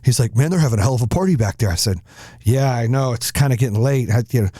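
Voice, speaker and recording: Brief: middle-aged male host, mellow tone, dry close sound, profane animated storyteller. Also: mid-range voice, fast, dry recording. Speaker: podcast host. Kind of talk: casual storytelling chat.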